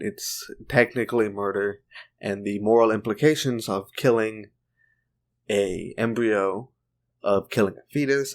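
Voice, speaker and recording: A man giving a casual opinion monologue for a video, informal and chatty with joking side remarks. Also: on the low side. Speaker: video commentator.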